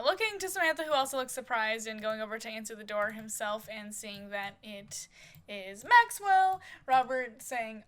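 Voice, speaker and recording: A woman plays a life-sim game and narrates it like a soap opera, describing each action in a casual, meandering way full of fillers. Her medium-pitched voice is bright and forceful with a gravelly fry.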